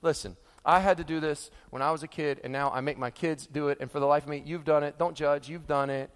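High-voiced male preacher in a hall. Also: quick pace, clear, resonant tone. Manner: animated, acts out quoted voices, laughs with the audience. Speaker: pastor. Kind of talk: sermon. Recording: long hall reverb.

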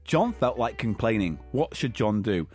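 A man's voice: fairly low pitch, big pitch swings, normal speed, a little mellow, faint music behind. A man reading game rules aloud and bantering teasingly as a comedy co-host. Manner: reads aloud, teasing, swears, laughs.

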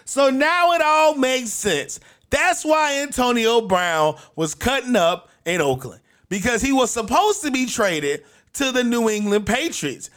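Brash and punchy, a man hosts a sports podcast by himself, laying out football picks and repeating himself a lot. His voice is very high, with a fairly bright tone.

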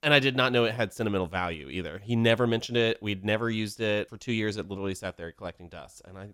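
A man with a fairly low voice talks fast in casual podcast chat, sarcastic and heavy on the swearing. The sound is close and dry, with no room around it. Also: a bit bright, smooth, no echo. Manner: profane, sarcastic storyteller. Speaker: podcast co-host.

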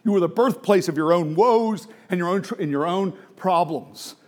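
A man preaching voices Jesus as a solemn, commanding grown man who speaks gravely and accusingly. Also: high-pitched, normal speed, darkish tone, close to an everyday voice.

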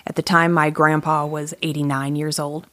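A woman's voice: sits low, flat delivery, normal speed, fairly bright tone, no echo. A woman guest telling personal stories in casual conversation. She laughs often and restarts her sentences. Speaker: podcast guest. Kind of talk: casual storytelling.

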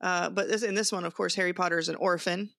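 A woman co-hosting a faith podcast, talking in an animated, quick way and laughing often. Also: lowish voice, vocal fry, no echo, clean studio sound. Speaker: podcast co-host. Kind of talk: casual chat.

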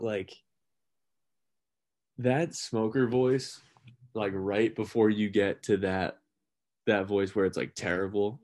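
A man's voice: fairly low pitch, darkish tone, dry recording. A young man in casual, profane, joking chat with a friend, laughing often.

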